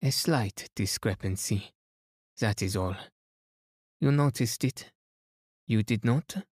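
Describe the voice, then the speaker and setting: A man's voice: on the low side, slow, a little mellow, no echo, clean studio sound. A man voicing a fussy middle-aged Belgian detective who speaks precisely and slips in French phrases, read as a bedtime story.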